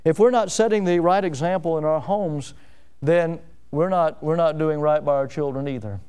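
A pastor preaching a sermon to his congregation in church. He repeats key phrases and swings from loud, forceful peaks down to low, quiet lines. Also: normal speed, clear, resonant tone.

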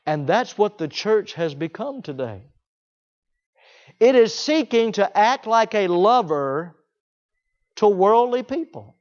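Emphatic high-voiced preacher, lo-fi. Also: male voice, lively intonation, measured pace. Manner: emphatic, repeats key phrases, swings between loud and hushed. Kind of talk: sermon. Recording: dull lo-fi recording.

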